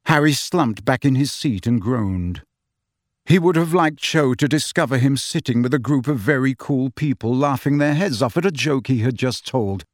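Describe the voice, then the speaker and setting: A man narrates an audiobook with a measured, expressive storytelling delivery. His pitch moves a lot, rising and falling through each sentence. The sound is dry and close. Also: dry recording.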